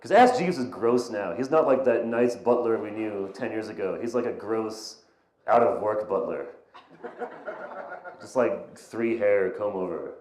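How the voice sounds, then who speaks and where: A man's voice: on the low side, unhurried, darkish tone, a little hiss or hum. A young man in his twenties doing a rambling, self-deprecating stand-up set, stammering and restarting his lines. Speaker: stand-up comedian. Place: small comedy venue. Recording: echoey, poor-quality live room recording. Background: audience laughter.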